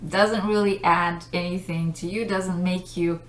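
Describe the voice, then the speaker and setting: A woman's voice: fairly low pitch, steady tone, unhurried, a bit bright. A woman teaching English vocabulary, explaining patiently with simple examples and checking in with "okay?". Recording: roomy echoey room.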